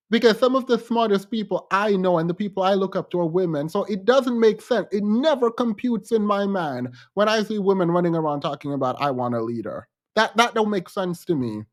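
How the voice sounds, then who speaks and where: A man hosting a livestream, commenting with animated, incredulous rhetorical questions and repetition. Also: high-pitched. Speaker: podcast host.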